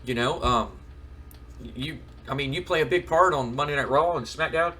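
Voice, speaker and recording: A man's voice: fairly high pitch, normal speed, pushed and bright. A man voicing a hesitant young male wrestling boss who stammers apologetically. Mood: placating.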